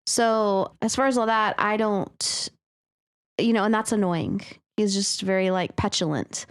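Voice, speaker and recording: A woman co-hosting a podcast, chatting casually and often pausing to search for words. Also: mid-range voice, steady tone, clean tone. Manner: chatty, searches for words, uses many fillers. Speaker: podcast co-host. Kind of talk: casual chat about reader stories.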